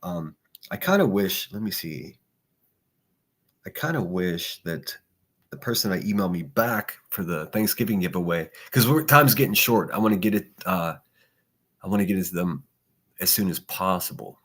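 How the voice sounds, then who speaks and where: A man's voice: deep voice, expressive, normal speed, fairly bright tone, breathy edge. A man hosting a solo livestream podcast, reacting to clips with mocking, profane sarcasm. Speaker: podcast host.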